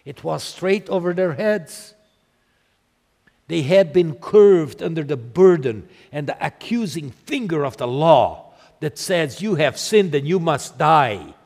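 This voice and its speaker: Slow-spoken preacher man in a reverberant hall. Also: a little high, darkish tone. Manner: slow, deliberate storytelling with rising emphasis. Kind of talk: sermon.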